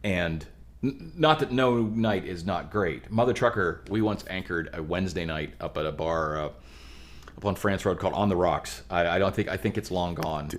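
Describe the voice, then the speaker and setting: A man from the Pittsburgh area, a musician guest on a podcast, telling band stories in an animated, rambling way with frequent restarts. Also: sits low, normal speed. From Pittsburgh area, USA. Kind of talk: casual chat.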